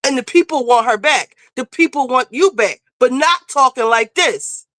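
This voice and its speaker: Woman streamer host, high and bright, blunt and profane, dry close sound. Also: expressive, normal speed, dry recording. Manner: emphatic, scolding. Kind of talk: casual commentary.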